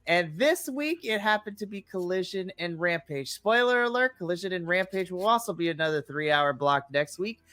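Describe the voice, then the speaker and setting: A man's voice: high voice, lively intonation, moderate pace, hardly any pauses, bright, forceful tone, no echo. A young adult man co-hosting a late-night wrestling podcast with playful, theatrical chatter. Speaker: podcast co-host.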